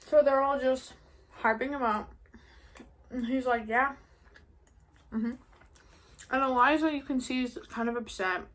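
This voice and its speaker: A woman's voice: sits high, unhurried, long pauses. A young woman in her late teens from New York, casually retelling a story for her vlog in a chatty, gossipy way with playful swearing. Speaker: vlogger. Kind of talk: casual story recap during a mukbang.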